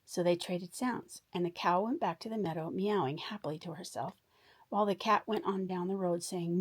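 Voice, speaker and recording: A woman reading a children's story aloud in a warm, expressive bedtime storytelling manner. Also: on the low side, a little fast, breathy edge.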